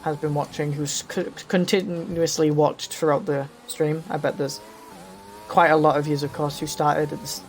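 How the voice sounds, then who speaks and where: Chatty man hosting, slightly high voice. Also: flat delivery, normal speed, a little hiss or hum. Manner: joking, laughs often, chatty. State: dry throat. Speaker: podcast host. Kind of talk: casual banter while sim racing.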